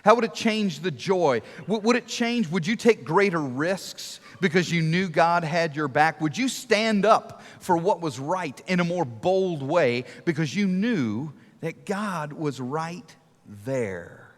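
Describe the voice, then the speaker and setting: A middle-aged man preaching a sermon to a church, telling stories and asking rhetorical questions, sometimes dropping to a hush for emphasis. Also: on the high side, animated, slow pace. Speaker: guest preacher. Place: large church auditorium. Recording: long reverb of a large hall.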